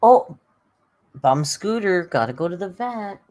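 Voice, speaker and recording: A woman's voice: fairly low pitch, lively intonation, a little slow, mellow, poor audio. A woman hosting a casual live stream, chatting to viewers and cooing at her cat. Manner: chatty, coos baby talk to her cat.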